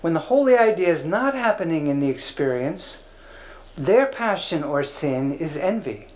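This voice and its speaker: A man with a high voice gives a relaxed spiritual teaching talk. His delivery is conversational and playful, dotted with filler words, like someone chatting with a small class. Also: normal speed, slight background noise, low-quality recording.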